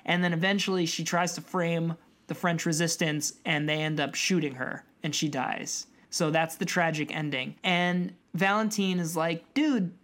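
A woman co-hosting a film podcast, retelling the plot in a chatty, animated way. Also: deep voice, normal speed, few pauses. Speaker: podcast co-host. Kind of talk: casual film podcast chat.

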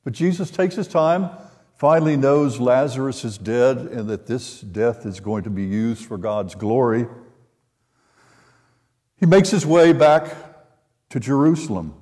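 An older man preaching a sermon, retelling a scripture story in an unhurried way and voicing the quoted lines. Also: medium pitch, warm tone. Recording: long hall reverb.

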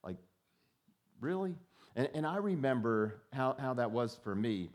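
Male pastor, casual sermon delivery, mid-pitched voice, restarts words, slips into quoted voices. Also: expressive, normal speed, a little mellow. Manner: conversational, repeats words when starting a thought.

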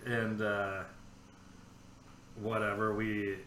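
A man's voice: fairly low pitch, monotone, extremely slow, bright, forceful tone, roomy sound, slight background noise. A man hosting a podcast, telling rambling, profane anecdotes in casual chat. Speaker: podcast host.

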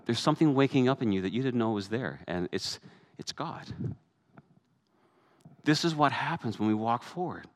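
A man's voice: mid-range voice, expressive, moderate pace. A man, a pastor, preaching a sermon in a conversational way that rises to emphatic peaks.

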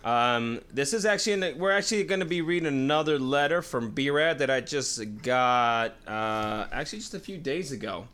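A man co-hosting a podcast in casual chat, blunt and swearing, with halting restarts. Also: medium pitch, animated, fairly bright tone, clean tone. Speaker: podcast co-host.

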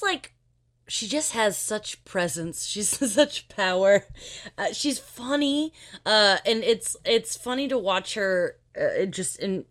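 Woman guest on a podcast, mid voice, super gushy and excited, lots of uhs. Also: mid-range voice. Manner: gushing and enthusiastic, with many "uh"s. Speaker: podcast guest, entertainment journalist. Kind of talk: casual chat.

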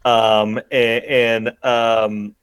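A man in a casual podcast chat, recapping a film scene by scene in a loose, rambling way, dotted with "like" and "um." His voice sits at an ordinary middle pitch, and the sound is dry and close. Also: little pitch movement, drawn-out words, fairly bright tone, smooth, no echo. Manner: rambling, many fillers, laughs while retelling. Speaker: podcast co-host.

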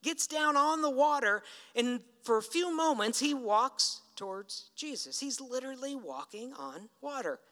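A man's voice: very high voice, expressive, measured pace, hardly any pauses, bright, forceful tone. A man preaching a sermon in a conversational storytelling way, acting out the lines he quotes. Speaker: pastor. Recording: reverberant hall.

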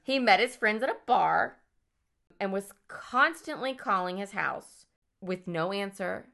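A woman's voice: medium pitch, lively intonation, measured pace, vocal fry, a bit bright. A woman casually recounting a true-crime story as a podcast co-host, joking and swearing along the way. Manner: swearing, joking, playful mock voices.

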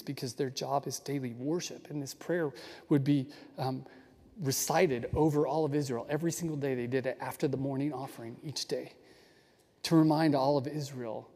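The pastor's tone is dark and gravelly, set in a mid-range pitch. His sermon comes across as earnest and enthusiastic, with phrases often begun again, all under a long hall reverb.

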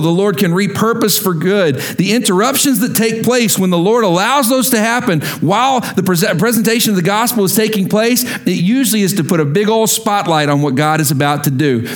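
Male pastor, high tenor, animated sermon storytelling. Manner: animated storytelling with acted-out quotes.

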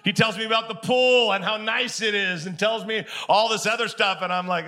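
A male pastor delivers a sermon in a high, gravelly voice with a bright edge. He tells stories by acting out every part of a conversation, then has the congregation call the words back to him. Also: brisk, few pauses. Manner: animated storytelling, acts out both sides of conversations; calls on the congregation to answer aloud.

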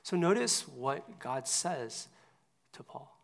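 A man preaching a sermon in a casual, conversational way with many fillers. He drops to a hushed near-whisper and then builds up to loud, emphatic points. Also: mid-range voice, animated, slow, vocal fry. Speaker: pastor.

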